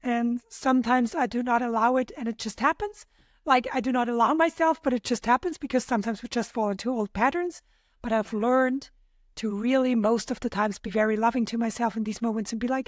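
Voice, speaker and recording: High-voiced woman, thoughtful and hesitant. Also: brisk, dry recording, clean studio sound. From Austria. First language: German. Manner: thoughtful, hesitant, frequent fillers. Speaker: podcast guest. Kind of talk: reflective personal conversation.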